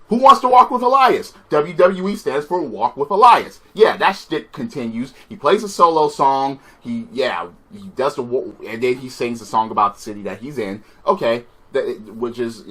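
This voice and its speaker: A man's voice: mid-range voice, lively intonation, a little slow, bright, forceful tone. A man giving a profane, sarcastic, exasperated rant reviewing a wrestling show.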